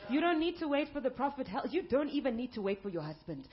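A woman pastor delivering an emphatic sermon, building up to shouted peaks. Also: high-pitched, big pitch swings, quick pace, few pauses, muffled recording.

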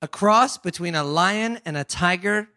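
A man hosting a radio call-in quiz, excitable and playfully teasing, cheering his caller on. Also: high voice, unhurried, no room sound, studio quality. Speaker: radio show host.

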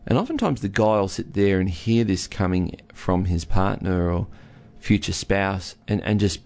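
This couples counsellor has a low, creaky, darkish voice with lively intonation and a moderate pace. In an informal teaching talk with a co-host, he explains listening through an everyday story, performing the roles of both husband and wife.

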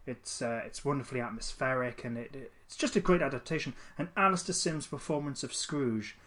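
A man's voice: mid-range voice, a little fast, a bit bright. A man chatting casually as a podcast co-host, rambling with many restarts and fillers. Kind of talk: casual chat.

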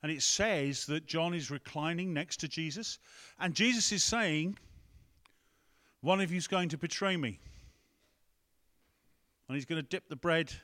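A man's voice: a little high, measured pace, pauses often, a bit bright. A man preaching a conversational sermon, breaking off to ask the room and the tech team for help. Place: church hall with a screen.

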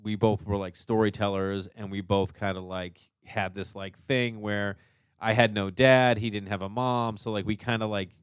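A man's voice: on the low side, normal speed, clean tone, dry recording. Boston-accented man telling stories casually. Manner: animated storyteller, swears, lots of "you know what I mean". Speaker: stand-up comic, guest. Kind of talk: casual podcast chat.

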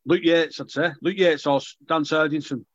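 A young man, chatting in an interview about playing rugby league, with a relaxed, self-deprecating manner and lots of restarts. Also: on the high side, moderate pace, dry recording, lo-fi sound. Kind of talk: casual interview chat.

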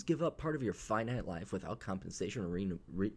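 A man's voice: fairly low pitch, big pitch swings, fast talker, few pauses. A man hosting a casual solo podcast, talking in a blunt, profane, sarcastic way, rambling with fillers. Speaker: podcast host.

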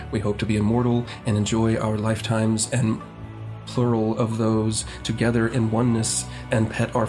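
A podcast co-host reading a rambling, absurd sponsor spot. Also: medium pitch. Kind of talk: comedy podcast banter.

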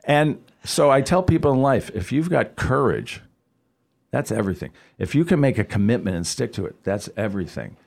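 A middle-aged man, a guest on a radio talk show, telling stories in a casual, animated way and acting out the people he quotes. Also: mid-range voice, fairly quick, vocal fry. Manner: animated storyteller, acts out quoted voices. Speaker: guest, financial advisor.

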